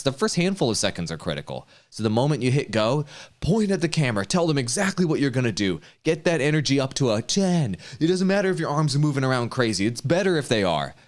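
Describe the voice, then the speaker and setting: A man coaching streamers in a casual chat, energetic and quick to act out hyped examples. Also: medium pitch.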